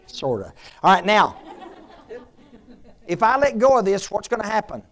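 Very animated and at normal speed, a male preacher lets his pitch swing freely through the sermon. He leans on rhetorical questions and moves between forceful, loud appeals and soft, confiding asides.

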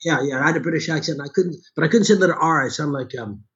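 A man's voice: on the high side, rapid-fire, fairly bright tone, highs cut off. A middle-aged man from Chicago, a voice actor nursing a sore throat, chatting casually with many restarts and asides. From Chicago, USA. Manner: rambling, with frequent restarts. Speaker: voice actor and audiobook narrator. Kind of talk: casual conversation.

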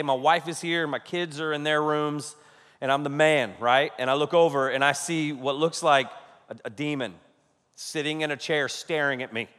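Pastor in his thirties, high bright voice, animated storyteller, long hall reverb. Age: 30s. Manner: animated, storytelling, frequent "okay?" asides, laughing. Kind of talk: humorous sermon story.

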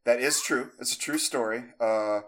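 A man's voice: mid-range voice, normal speed. A man in his thirties, a podcast co-host telling a long story, rambling with many fillers and restarts, and acting out the voices in it. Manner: animated, acts out voices in the story.

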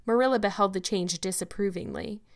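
A woman's voice: medium pitch, fairly quick, creaky. A woman narrating an audiobook. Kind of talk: scripted narration.

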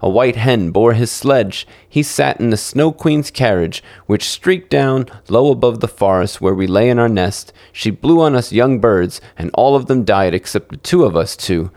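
A man's voice: animated, normal speed, few pauses, a little mellow, no room sound, studio quality. A man reading a fairy tale aloud as a storyteller, lifting his voice for the characters. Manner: acts out dialogue with lifted pitch.

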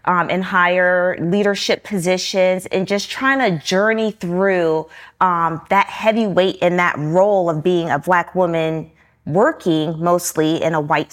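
A woman author from the United States answering interview questions in a measured, reflective way. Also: fairly low pitch. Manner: measured, reflective, speaks in steady lists. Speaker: author and guest.

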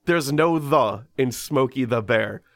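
A man's voice: medium pitch, slow pace, fairly bright tone, no room sound, studio quality. A man hosting a casual comedy podcast, reading a ghost story aloud and breaking off for joking asides.

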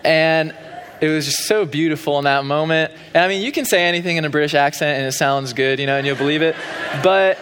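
A man's voice: a little high, a bit bright. A young man giving a sermon as pastor in a church, preaching in a conversational way with frequent fillers. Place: church sanctuary. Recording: long hall reverb.

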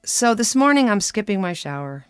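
A woman reads her own personal essay as a radio commentary, wry and conversational, her voice sitting at a middling pitch. The booth is dry and close, with no room sound around her. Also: big pitch swings, normal speed, smooth, dry recording. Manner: wry, conversational reading with quoted dialogue.

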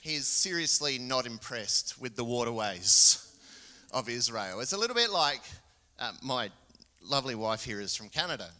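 A middle-aged man with an Australian accent preaching a sermon, telling a Bible story with lively acted-out quotes. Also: mid-range voice, moderate pace. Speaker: guest preacher. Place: church. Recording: church hall reverb.

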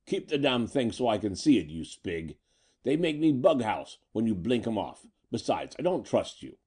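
A man voicing a brutal male gangster boss who snarls rough tough-guy slang. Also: mid-range voice, sing-song, moderate pace, dark tone. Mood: snarling menace.

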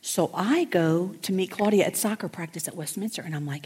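A middle-aged woman, a pastor's wife telling lively stories from a stage and acting out her friend's voice. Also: a little fast, slightly rough. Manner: animated, acts out friends' voices with big pitch jumps. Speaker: pastor's wife speaking at a women's church event. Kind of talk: lively storytelling talk. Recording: hall reverb, from stage mic.

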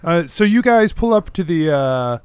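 A man narrating as game master of a tabletop game, pausing often with "uh". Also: on the high side, animated, clean tone, no echo. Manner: hesitant, with many "uh" pauses.

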